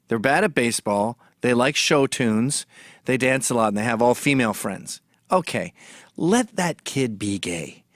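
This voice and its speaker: A man's voice: mid-range voice, fairly bright tone, no room sound, studio quality. A man delivering a sarcastic, mocking comic rant straight to camera as a commentator.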